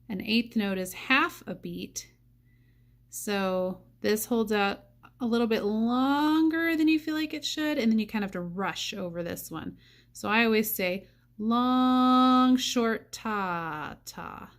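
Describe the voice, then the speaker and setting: A woman teaching a saxophone part, thinking aloud and counting rhythms out loud. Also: medium pitch, measured pace. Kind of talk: music lesson walkthrough.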